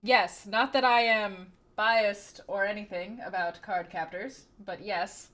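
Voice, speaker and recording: A woman's voice: medium pitch, slow pace, a bit bright. A woman livestreamer chatting casually and greeting her viewers by name, giggling often.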